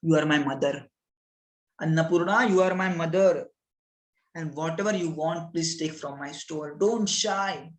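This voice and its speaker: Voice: mid-range voice, a little slow, roomy sound, natural voice. A storyteller with an Indian English accent voicing a male grocer who is earnestly remorseful. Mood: repentant. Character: humbled male grocer, repentant.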